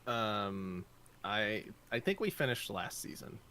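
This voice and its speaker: A man's voice: on the low side, big pitch swings, slow, sharp tone, a little hiss or hum. A man co-hosting a gaming morning show, with dry, laid-back short replies. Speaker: co-host. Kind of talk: casual chat.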